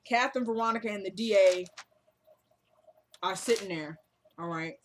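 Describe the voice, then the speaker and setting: A woman vlogger giving an excited, casual recap of a TV episode, retelling scenes playfully. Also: medium pitch, normal speed, a little hiss or hum.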